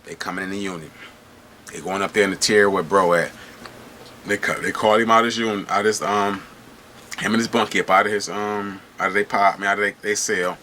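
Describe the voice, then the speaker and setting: Brief: middle-aged man, lowish forceful voice, animated slangy storyteller who keeps asking if you follow. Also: fairly quick, a little hiss or hum. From Michigan. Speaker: host telling prison stories. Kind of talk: casual storytelling to camera.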